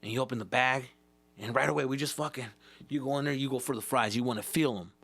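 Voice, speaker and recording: A man's voice: mid-range voice, fast, vocal fry, fairly bright tone. A male comedian hosting his podcast, telling a rambling, profane story and acting out the voices of the people in it.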